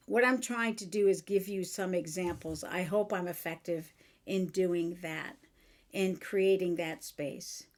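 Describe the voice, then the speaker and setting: A woman's voice: fairly low pitch, a little slow. A woman hosting a podcast, talking frankly and earnestly about changing your own behavior. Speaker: podcast host and author. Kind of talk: motivational self-help talk.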